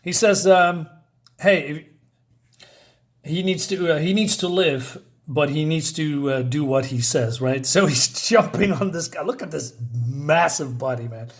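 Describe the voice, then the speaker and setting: Excited man with a fairly high voice. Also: normal speed. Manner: enthusiastic, chuckles often, says "badass" and "right?". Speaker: comic book reviewer. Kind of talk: casual comic review with read-aloud panels.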